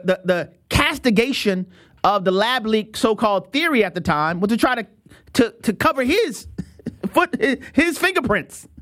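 A man hosts a talk show with animated, opinionated commentary, laughing often and dropping his voice low for asides.

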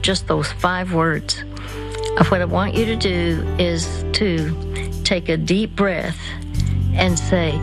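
Woman, slow, gentle coaching, radio talk, faint music behind. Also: lowish voice, steady tone, poor audio. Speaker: Christian radio guest counselor. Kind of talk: calm guided breathing talk on radio.

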